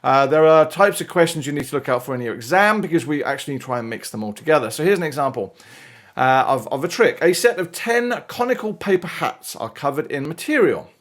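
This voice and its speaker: A man's voice: a little high, expressive, fairly quick, a bit bright. A British man teaching a maths lesson in a chatty, playful way, with exclamations and asides as he works through examples. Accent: British English. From United Kingdom.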